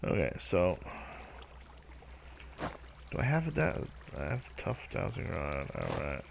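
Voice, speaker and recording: A deep, creaky-voiced man hosts a Minecraft let's-play, speaking slowly with huge pitch swings over slight background noise. His commentary rambles, he hesitates and talks to himself, and he often stalls by humming and scatting nonsense syllables.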